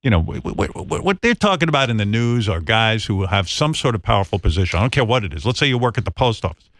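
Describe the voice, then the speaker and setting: A man's voice: on the low side, sing-song, quick pace, fairly bright tone, dry recording. A man hosting a talk radio show, reading ads and answering callers in a blunt, profane, mocking way. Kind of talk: talk radio banter and live ad read.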